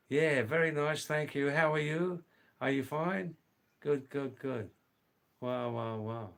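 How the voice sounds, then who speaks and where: A middle-aged man hosting a livestream, reading viewer comments aloud and slowly, gently correcting their English. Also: fairly high pitch, gravelly. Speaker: livestream host.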